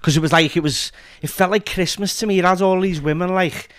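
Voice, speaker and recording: Guest: Scouse man, slightly high voice, casual and sweary. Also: fairly even intonation, brisk, no echo, studio quality. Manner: loose, sweary storytelling. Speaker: comedy character creator, guest. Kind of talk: casual podcast chat.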